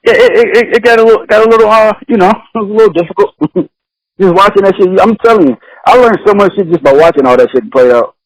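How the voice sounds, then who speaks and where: A man's voice: high-pitched, quick pace, no echo, poor audio. A man talking on a casual podcast. He laughs often, swears freely and acts out the people in his stories. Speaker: podcast host.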